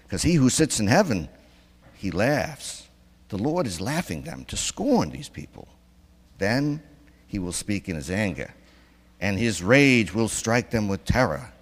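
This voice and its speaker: A man's voice: lowish voice, very animated, moderate pace. Man preaching in an echoing church. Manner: conversational, asks the congregation questions. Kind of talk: sermon. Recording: long reverb in a church.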